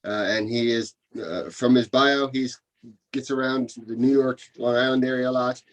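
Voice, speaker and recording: Halting male host of an online comedy show. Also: mid-range voice, fairly even intonation. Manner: halting, many uh fillers. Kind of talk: hosting a video call comedy show.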